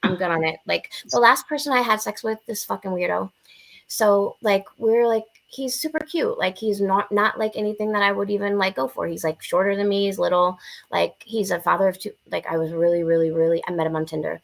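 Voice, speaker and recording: A young adult woman telling frank, profane stories in casual podcast chat, blunt and animated. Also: medium pitch, brisk, vocal fry. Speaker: podcast guest.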